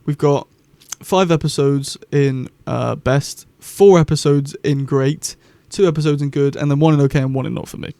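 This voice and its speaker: A young man chats his way through a vlog review. His voice sits a little high and sounds dry and close. He rambles eagerly from point to point. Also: steady tone, moderate pace, hardly any pauses, dark tone, dry recording. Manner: rambling, chatty and enthusiastic. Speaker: YouTube host.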